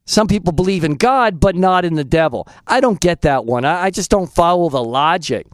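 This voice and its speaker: Earnest high-voiced male radio host. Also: expressive, brisk, dry recording. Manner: earnest preaching, laughs at callers. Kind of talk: Christian call-in radio talk.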